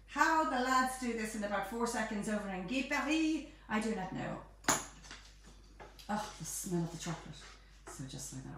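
A woman hosting a live home baking demonstration, chatting playfully as she cooks. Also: mid-range voice. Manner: chatty, playful, bubbly asides. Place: home kitchen. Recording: echoey kitchen, distant mic, faint noise.

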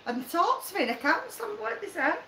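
A woman's voice: very high voice, sing-song, sharp tone, a little hiss or hum. A woman, chatting and teasing with friends, laughing often as she tells a story. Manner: giggly, teasing, quick storytelling. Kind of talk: casual banter among friends. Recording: echoey room.

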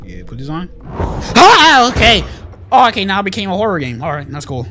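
Male gamer, high lively voice, loud and profane, hammy mock-dramatic reactions. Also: fairly quick, soft background music. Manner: loud, excitable, swears often, mock-dramatic pleas. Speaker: gaming channel host. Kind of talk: let's play commentary.

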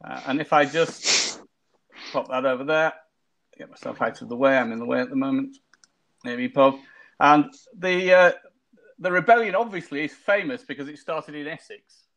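A man's voice: on the high side, normal speed, pauses often, fairly bright tone. A man hosting a casual wargaming chat over a video call, rambling and joking with lots of restarts. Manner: jokey, rambling with many restarts. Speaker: wargaming show host.

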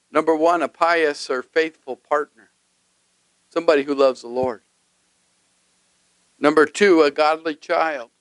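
A man's voice: a little high, fairly bright tone, smooth, dry recording, rough recording. A male pastor preaching a sermon emphatically, often putting questions to his congregation.

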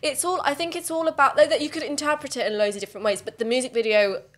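A woman's voice: high voice, steady tone, fast talker. A young woman, co-hosting a casual podcast chat in an enthusiastic, rambling way. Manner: enthusiastic, rambling, says "like" often. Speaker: podcast co-host.

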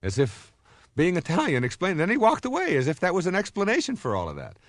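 A man in his fifties giving a recorded self-help lecture, telling stories in an animated way and acting out the voices he quotes. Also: high voice, fast talker, no room sound, clean studio sound. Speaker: motivational speaker.

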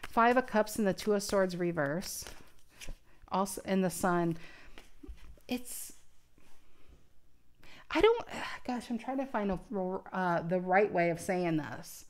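A woman's voice: mid-range voice, animated, slow pace, pauses often. A woman giving a casual tarot reading to camera, speaking earnestly and thinking aloud with frequent restarts. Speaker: tarot card reader.

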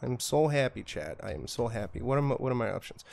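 A man's voice: mid-range voice, animated, brisk, vocal fry, a little mellow, a little hiss or hum. A man streaming a ghost-hunting game, cursing freely and trash-talking the ghost while joking to himself and his chat. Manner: profane, trash-talks the ghost; jokey, talks to himself and chat. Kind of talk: live-stream gameplay commentary.

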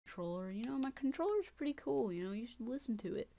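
A woman talking casually over her own gameplay as a channel host. She keeps up a stream of half-whispered grumbling to herself. Every so often it breaks into sharp, exasperated exclamations. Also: on the high side, very animated, quick pace, vocal fry. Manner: mutters and whispers to herself, with sudden frustrated outbursts.

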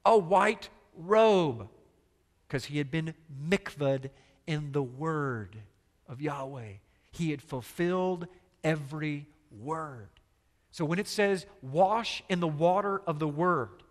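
With a slightly high voice and lively intonation, a male pastor delivers a sermon a little slowly, his words carrying a big-room sound. He speaks emphatically and keeps asking the congregation rhetorical questions.

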